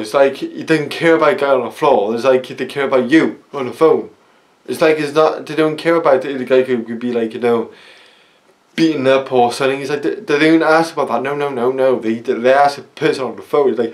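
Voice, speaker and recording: A man's voice: mid-range voice, moderate pace. A young man, vlogging in a rambling, casual rant that keeps circling back with filler phrases. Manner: rambling, repeats "basically" and "it's like".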